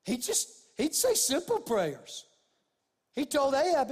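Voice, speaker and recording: A man preaching a sermon with fervour, repeating phrases and calling his listeners "guys" as he builds to emphatic, louder points. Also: big pitch swings, a little slow. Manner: fervent, rising in pitch and volume when stressing points. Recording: long hall reverb.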